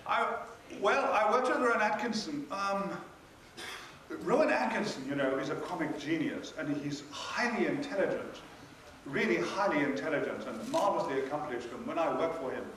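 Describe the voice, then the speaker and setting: A man's voice: on the high side, normal speed, a bit bright. Older man telling wry stories in a hall. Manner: wry, dry, theatrical. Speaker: convention panel guest. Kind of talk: anecdotal storytelling to an audience. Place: large hall at a convention. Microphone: recorded from far off by an audience camera. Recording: echoey hall from far off, noisy.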